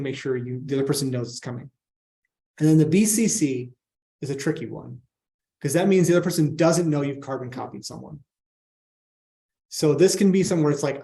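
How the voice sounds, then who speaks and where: A man's voice: a little high, dark tone. A man presenting a workshop on professional communication in a casual, conversational way, often checking in with "right?".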